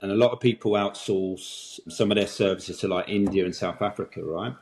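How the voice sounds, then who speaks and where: A man's voice: on the low side, steady tone, a little fast, a little mellow, roomy sound, slight background noise. A man talking as a podcast guest in a conversational interview, making emphatic points and often ending them with a tag question.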